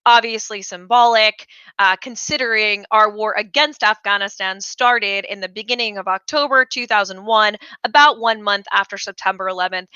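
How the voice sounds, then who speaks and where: A woman's voice: mid-range voice, bright, forceful tone, clean tone, no echo, highs cut off. A woman hosting a political commentary show, chatty and opinionated with jokey asides. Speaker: host.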